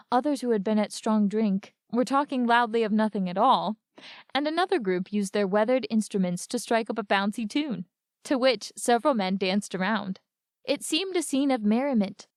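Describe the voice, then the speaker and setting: Woman reading a story aloud live, mid pitch, dry close sound. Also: darkish tone, no room sound. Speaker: narrator reading a book.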